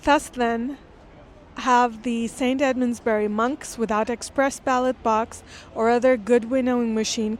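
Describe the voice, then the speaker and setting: A woman's voice: on the high side, slight background noise. Earnest woman reading and explaining a classic. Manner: earnest, thoughtful, pausing to explain. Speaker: literature lecturer. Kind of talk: reading aloud with close-reading commentary.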